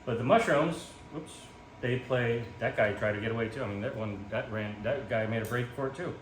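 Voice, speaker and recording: In his home kitchen, a man vlogs while cooking, filmed on a phone camera in portrait mode. At medium pitch and a slightly fast pace, he rambles casually with lots of ums and self-mocking jokes. The room is echoey with background noise.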